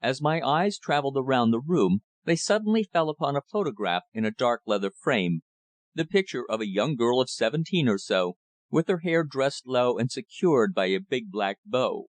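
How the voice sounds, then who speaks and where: A man reading an audiobook as narrator in a measured, steady manner. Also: mid-range voice, no room sound.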